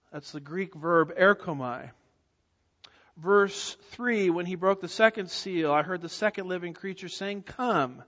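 A man's voice: high voice, fairly bright tone. A man preaching a verse-by-verse sermon, emphatic, with rhetorical questions and repeated key words. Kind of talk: expository sermon. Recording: dull audio with long hall reverb.

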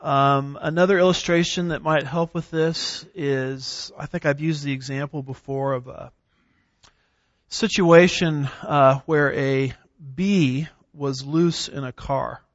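A man teaching a theology class in a lecture style, reading scripture aloud slowly with emphasis and now and then clearing his throat. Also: fairly high pitch, steady tone, no room sound, lo-fi sound. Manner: clears throat, occasional fillers.

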